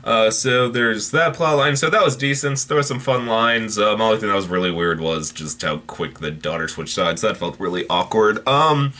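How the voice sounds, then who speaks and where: Man, casual TV review, bright voice, rambling with lots of ums and restarts. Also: on the low side, moderate pace, few pauses. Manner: rambling, many fillers and restarts. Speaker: TV episode reviewer.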